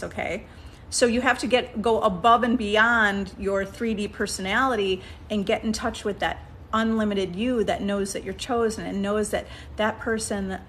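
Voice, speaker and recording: A woman's voice: medium pitch, fairly bright tone, slight background noise. A woman giving a casual coaching talk as a manifestation coach, coaxing her listeners and checking in with frequent "okay?" and "right?". She often restarts sentences while thinking aloud.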